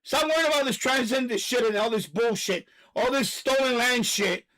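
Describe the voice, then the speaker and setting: A man hosting a live stream, delivering a loud, profane, repetitive rant and stopping now and then to catch his breath. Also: extremely high pitch, moderate pace, low-quality recording. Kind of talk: ranting live stream monologue.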